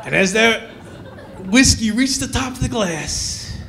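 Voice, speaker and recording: Lively, gravelly stand-up comedian. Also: male voice, high-pitched, slow, some chatter behind, a little hiss or hum. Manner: animated, acts out characters. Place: comedy club stage.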